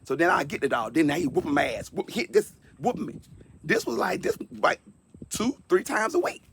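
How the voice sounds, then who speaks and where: A man's voice: fairly high pitch, very animated, fairly quick, creaky, fairly bright tone, slight background noise. A man in his fifties giving a personal testimony in an earnest, conversational way, often repeating words for emphasis. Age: 50s. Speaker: speaker sharing a personal testimony.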